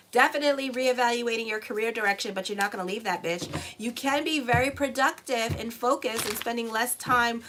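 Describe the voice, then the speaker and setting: An astrologer and tarot reader gives a casual, blunt horoscope reading, swearing freely and drifting off into stories. Her voice is a bit bright and on the high side, and her manner is chatty.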